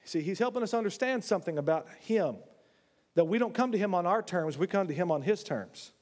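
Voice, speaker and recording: A man preaching a sermon in a church, animated, swinging between loud, high exclamations and low, quiet asides. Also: a little fast. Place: church sanctuary. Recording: long hall reverb.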